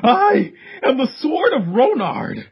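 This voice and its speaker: A man's voice: very high-pitched, wildly swooping pitch, takes it slowly, creaky, husky, pitched above the performer's own voice, full character voice. Man doing a jittery overeager male fan. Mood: nervous eager. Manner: nervous, eager, breaks into yelps. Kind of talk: comic read-through over a call. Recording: dull lo-fi call audio.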